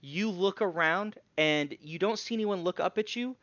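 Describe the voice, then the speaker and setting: A man runs a tabletop session as game master, narrating the scene in a loose, teasing way. His voice sits a little high. It comes through a dull, muffled voice-chat line with a dry, close sound. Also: moderate pace, a bit bright, no room sound. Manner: casual, laid-back, teasing the players.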